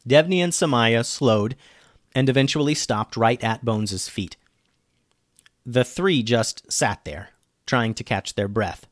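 A man narrating a children's story in a playful, animated way as a podcast host. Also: mid-range voice, normal speed, no echo, studio quality.

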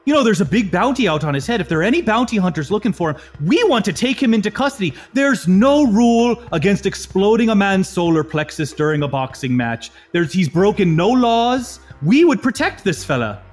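A man voicing a lithe, mustached human cop who talks loudly and with overdone politeness while prying. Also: sits high, sing-song, fairly quick, few pauses, soft background music, voice pushed up. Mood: loud, fake-kindly. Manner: loud, overly polite and nosy.

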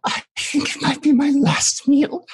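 A man's voice: steady tone, unhurried, dry recording. A man doing a weepy 140-year-old man. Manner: quavering, whimpering, then shrill pleading. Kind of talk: improvised comedy sketch.

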